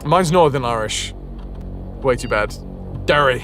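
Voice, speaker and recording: A man's voice: mid-range voice, animated, a little slow, a bit bright, soft background music. A man streaming a video game, chatting casually with his viewers, reading their messages aloud and swearing freely. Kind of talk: casual live-stream chat.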